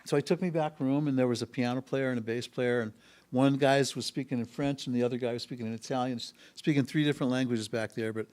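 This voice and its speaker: A man's voice: medium pitch, steady tone, quick pace, darkish tone. Picture a male musician settling into a guest chair at a music school podcast studio. His medium voice wanders through an anecdote, and he stops often to hesitate before picking the thread back up. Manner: rambling, with frequent hesitations. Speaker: musician guest, harmonica and bass player. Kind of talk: casual storytelling in an interview.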